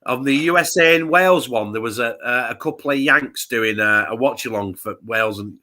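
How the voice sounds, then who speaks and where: A man's voice: medium pitch, a little fast, sharp tone. A man from England co-hosting a live football watch-along, telling a sweary story in casual chat. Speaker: co-host.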